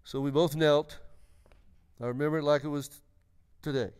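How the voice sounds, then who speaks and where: A man's voice: on the high side, fairly even intonation, moderate pace, a little mellow, clean tone. A man in his sixties preaching a testimony in church, telling his story earnestly and emphatically, often restarting his sentences. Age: 60s. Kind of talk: sermon testimony.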